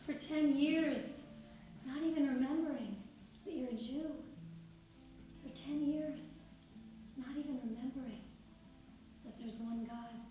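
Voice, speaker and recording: Woman doing gentle old rabbi, calm, reassuring, high, unhurried, echoey, distant, music behind.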